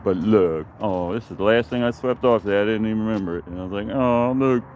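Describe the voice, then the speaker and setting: A man's voice: lowish voice, fast talker, darkish tone, a little hiss or hum. A man rambling through a profane, digressive story in a casual vlog, recorded outdoors in his backyard.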